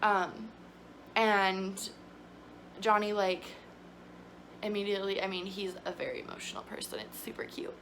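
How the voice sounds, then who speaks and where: A woman's voice: mid-range voice, moderate pace, gravelly, pauses often, a bit bright, slight background noise. A young woman vlogging, telling her story in a chatty, emotional way with lots of fillers. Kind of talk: casual storytelling to camera.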